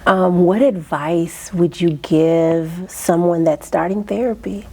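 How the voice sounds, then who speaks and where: A woman counselor interviewing a client, unhurried and affirming, often murmuring agreement. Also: on the low side, steady tone, darkish tone. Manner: unhurried, affirming, many "mm-hmm"s. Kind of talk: interview conversation.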